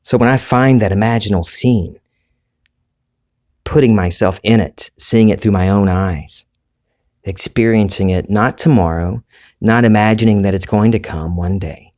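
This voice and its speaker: This Southern US man hosts his own podcast, delivering a reflective solo monologue in a deep, low voice. He thinks out loud at an easy, unhurried pace, staying relaxed and conversational while he rambles and corrects himself.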